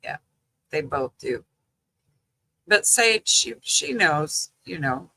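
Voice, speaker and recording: On a livestream, an older woman chats casually with viewers, telling family stories slowly and ramblingly with lots of "you know" and laughter. Her deep voice is expressive, pushed and bright, and the audio is poor.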